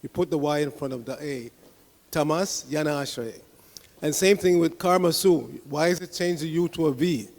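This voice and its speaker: A man's voice: on the high side, a little fast, few pauses, a little mellow, big-room sound. A man leading a scripture class, chanting verses line by line and patiently explaining and correcting the pronunciation. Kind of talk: leading a scripture reading with call-and-response chanting.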